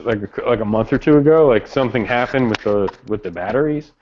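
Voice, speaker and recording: A man's voice: mid-range voice, fast talker, a little mellow, a little hiss or hum. A man telling rambling stories in casual chat, laid-back and full of slang. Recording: dull lo-fi audio.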